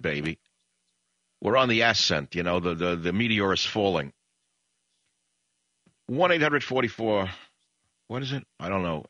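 A man hosting political talk radio in a low, forceful voice, indignant and combative as he stacks up rhetorical questions. His delivery is dry and close on a studio mic. The broadcast sound is a little dull. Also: no echo.

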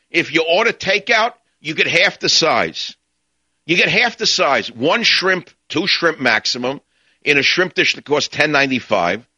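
Sarcastic male radio host, animated swooping delivery, bright sharp tone, dry close mic, dull lo-fi broadcast. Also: on the high side, dry recording. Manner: ranting, sarcastic. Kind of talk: talk radio monologue.

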